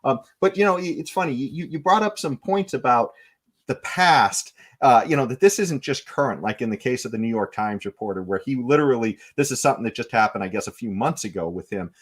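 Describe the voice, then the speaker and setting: A man's voice: mid-range voice, lively intonation, a little fast. A man co-hosting a political talk podcast, wry and conversational, restarting sentences with fillers. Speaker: podcast co-host.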